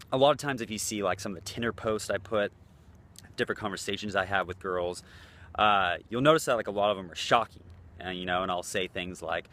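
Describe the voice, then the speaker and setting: A man's voice: on the low side, sharp tone. A man talking as a dating coach in a loose, blunt, casual way, swearing freely. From United States. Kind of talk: casual talking-head vlog.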